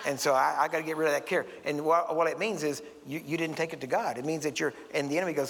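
This preacher talks fast in a slightly high, fairly bright voice with vocal fry and fairly even intonation. Standing in a church sanctuary, he tells folksy stories and voices their characters, with long hall reverb on the recording.

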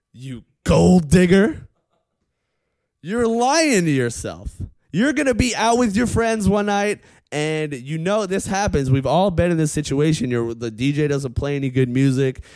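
A man's voice: a little high, no room sound. A man delivering a profane comedic rant, often stopping with a pointed "okay?". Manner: animated, profane, heckles the audience with repeated "okay?".

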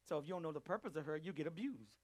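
A man teaching a Bible study, preaching emphatically and calling out to his listeners, swinging between loud and hushed delivery. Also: on the high side, racing. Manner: emphatic, calls out to the group. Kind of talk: preaching to a live group.

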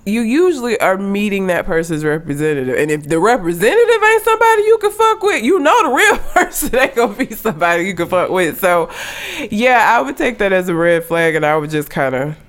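A woman's voice: medium pitch, very animated, a little fast. A woman co-hosting a podcast in casual chat, blunt and profane, laughing often. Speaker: podcast co-host.

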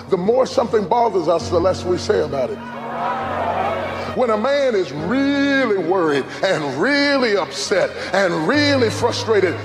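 Brief: high-pitched male preacher, sing-song sermon cadence, music playing clearly underneath. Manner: rhythmic sing-song preaching with call-outs to the crowd.

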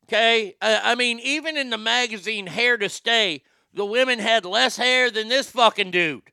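A crude, mocking man ranting through his commentary, stumbling over repeated words as he goes. His voice is high and bright with a gravelly rasp, and it sounds smooth and dry. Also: normal speed, few pauses, no room sound. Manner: crude, mocking, stammering restarts. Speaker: commentary podcast host.

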